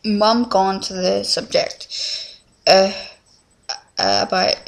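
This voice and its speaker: A woman's voice: mid-range voice, big pitch swings, slow pace, creaky. A teenage girl, rambling through a casual confessional vlog at home, full of fillers and restarts. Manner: rambling, scattered, many fillers. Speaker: vlogger.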